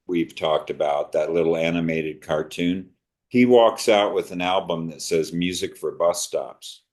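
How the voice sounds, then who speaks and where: An older man with a very deep voice talks casually as a podcast co-host. He is chatty and reflective, wandering through his thoughts in an easy, conversational way. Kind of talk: casual chat about music.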